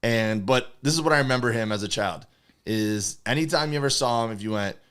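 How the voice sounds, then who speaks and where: A man's voice: mid-range voice, a little fast, clear, resonant tone. A man co-hosting a comedy podcast, telling stories casually and acting out the voices of people he quotes. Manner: animated, acts out quoted voices. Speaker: podcast co-host.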